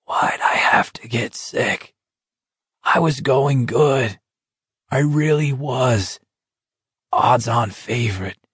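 A man reading the part of a sick, feverish young man in a weak, raspy whisper, speaking slowly and plaintively. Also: mid-range voice, fairly bright tone, no room sound, clean studio sound, exaggerated voice. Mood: weak, pleading. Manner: halting, slow, plaintive.

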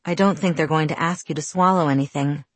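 A woman voicing a calm, gently teasing young male vampire, reading him in a low, soothing voice. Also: fast, dry recording.

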